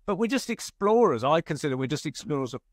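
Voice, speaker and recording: A British man hosts a podcast, chatting casually and telling anecdotes while laughing at his own tales. His voice is a little high and very animated, and he talks quickly. The recording is dry and studio quality.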